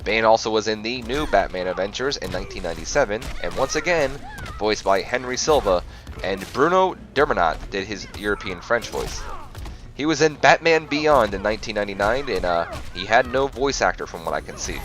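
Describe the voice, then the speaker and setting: A man's voice: lowish voice, animated, fairly quick, a bit bright, faint music behind. A man hosting a game playthrough, reading facts aloud and often stumbling and correcting himself. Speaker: gaming channel host.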